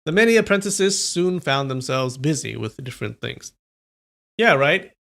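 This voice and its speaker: A man's voice: a little high, big pitch swings, normal speed, gravelly, fairly bright tone. A man reading a novel aloud on a live stream, with casual, chatty asides.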